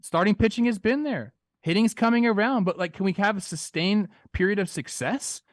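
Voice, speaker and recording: Animated young man on a dry mic. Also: high-pitched, normal speed, no echo. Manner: animated, acts out quotes in goofy voices. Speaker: podcast co-host. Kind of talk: casual sports talk.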